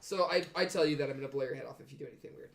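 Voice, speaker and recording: A man's voice: mid-range voice, very fast, vocal fry. A man playing a tabletop role-playing game, laughing often and making threats in character. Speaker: tabletop player. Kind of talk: casual tabletop role-play.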